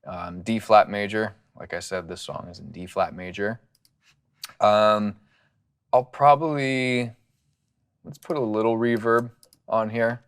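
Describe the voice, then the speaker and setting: A man talking casually through his studio process as a music producer, relaxed and rambling with plenty of fillers, on a studio condenser mic. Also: lowish voice, measured pace, pauses often, clear, resonant tone.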